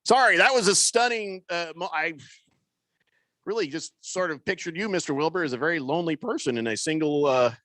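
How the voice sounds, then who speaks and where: A man hosting sports talk radio with a lively, bouncing delivery and a fairly high voice for a man. He jokes with his co-hosts and reads listener comments aloud. The studio microphone gives a close, dry sound. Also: fairly quick, no echo.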